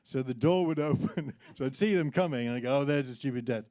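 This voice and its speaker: A man's voice: medium pitch, quick pace, darkish tone, no room sound, studio quality. A man actor in a panel chat, telling playful anecdotes with frequent laughter.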